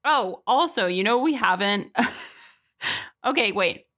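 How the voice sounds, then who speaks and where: A young woman in casual film chat, animated and often laughing as she acts out lines from the movie. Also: fairly high pitch, slow pace.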